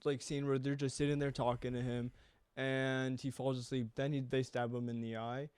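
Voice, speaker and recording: A man's voice: medium pitch, level tone, normal speed, a little mellow, clear, resonant tone, no echo. A young man co-hosting a podcast, chatting casually about a film, rambling and swearing freely. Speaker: podcast co-host. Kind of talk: casual chat.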